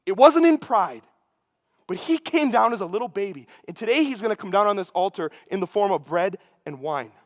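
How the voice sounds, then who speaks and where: Young Midwestern man, priest-style homily: high, bright voice, casual asides, long church reverb. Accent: Midwestern American. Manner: animated and conversational, with quick asides. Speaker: preacher giving a homily. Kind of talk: sermon. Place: large church.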